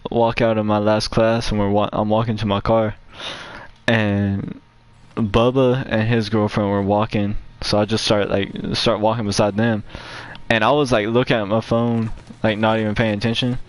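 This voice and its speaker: A man's voice: lowish voice, little pitch movement, moderate pace, clean tone, no echo. A man hosting a gaming channel, telling a rambling, profane story in casual chat, with frequent fillers. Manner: profane, rambling, acts out quotes in a raised voice.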